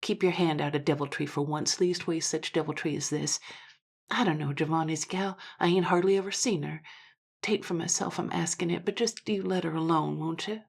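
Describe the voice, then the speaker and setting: A woman doing an earnest rough frontier man. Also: sits low, steady tone, normal speed, full character voice. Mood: pleading.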